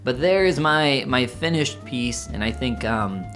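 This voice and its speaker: A young man from Indiana chatting casually as a co-host, relaxed and rambling, a little self-deprecating. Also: mid-range voice, unhurried, faint music behind. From Indiana, USA. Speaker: co-host, artist. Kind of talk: casual chat.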